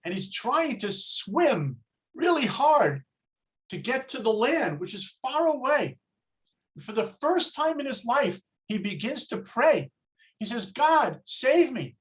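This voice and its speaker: A man's voice: very high-pitched, sing-song, a bit bright. A man teaching a religious class over a video call, telling jokes and asking rhetorical questions. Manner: slow, storytelling, rhetorical questions.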